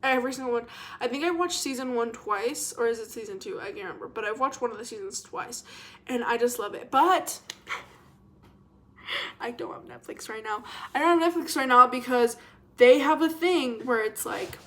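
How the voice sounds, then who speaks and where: A young woman vlogger in a casual, rambling chat to camera, expressive and self-mocking. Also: fairly high pitch, moderate pace.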